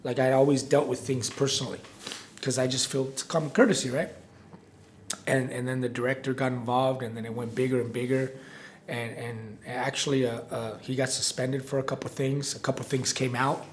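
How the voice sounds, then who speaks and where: A man's voice: medium pitch, little pitch movement, fairly quick, a little hiss or hum. A man in his forties, a restaurant operations director, telling stories in a casual interview, rambling and restarting with frequent "right?" tags. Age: 40s.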